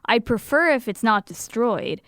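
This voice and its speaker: A woman's voice: fairly high pitch, sing-song, measured pace, fairly bright tone, no room sound, clean studio sound. A woman playing her character in a tabletop game, earnest and insistent. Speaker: player.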